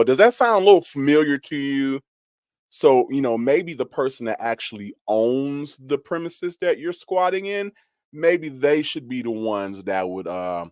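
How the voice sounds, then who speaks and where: A man giving sarcastic gossip commentary in a shady, drawn-out way, full of asides. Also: fairly low pitch, no room sound, studio quality.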